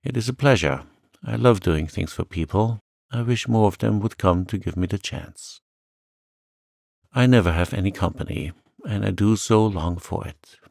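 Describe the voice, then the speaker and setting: A man's voice: fairly low pitch, normal speed, gravelly, darkish tone, dry recording, studio quality. A man voicing a lonely, sweet little old lady who talks in a chirpy, eager, fluttery way.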